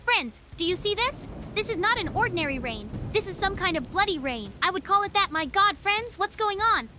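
A woman's voice: very high-pitched, sing-song, a little fast, pushed and bright, a little hiss or hum, exaggerated voice. A woman voicing a frightened young cartoon boy who pleads and cries for help. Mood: uneasy. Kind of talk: cartoon voice acting.

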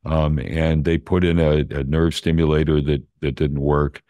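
An older man, a neuroscience professor, calmly explaining brain science in plain terms during a conversation. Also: very deep voice, moderate pace, no room sound.

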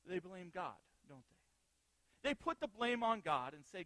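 A man's voice: high voice, big pitch swings, a little slow, pushed and bright, no echo. A pastor giving a sermon in an easygoing way, asking his listeners rhetorical questions and now and then repeating a word as he restarts. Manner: conversational preaching with rhetorical questions; repeats words when restarting.

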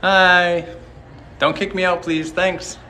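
Bright-voiced man vlogging live. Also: sits high, flat delivery, slow, slight background noise. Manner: chatty, rambling, jokey, talking to viewers. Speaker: livestreamer exploring a hotel. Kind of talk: live-stream walking commentary. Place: inside a large hotel.

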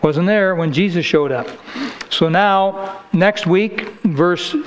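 Forceful preacher with a higher voice. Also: male voice, takes it slowly, slight background noise, poor audio. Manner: emphatic, combative preaching with scripture readings. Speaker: pastor. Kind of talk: sermon.

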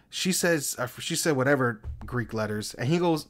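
A man co-hosting a podcast, telling stories and dad jokes in a casual, animated way, laughing often and swearing freely. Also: on the high side, fairly quick, few pauses. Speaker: podcast co-host.

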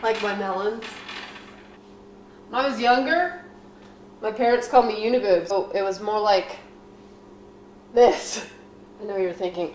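A young woman rambles through a deadpan comedy monologue while baking at home, tossing in silly asides. Her voice sits at a middle pitch. The kitchen rings with a noticeable echo, and a faint noise runs underneath. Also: a little slow, long pauses. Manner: offbeat, jokey asides, mock voices for quoted people.

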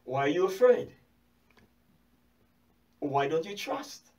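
Man, preacher, high voice, animated sermon, rhetorical questions, repeats phrases, distant mic. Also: slow pace.

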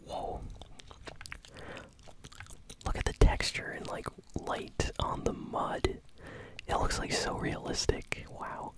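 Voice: slow, pauses often. An ASMR gaming host whispering casual, easily amused gameplay commentary while chewing bubblegum.

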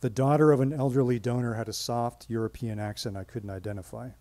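A man telling a personal story on stage at a live storytelling event, with measured, dramatic pauses. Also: medium pitch, steady tone, warm tone, dry recording.

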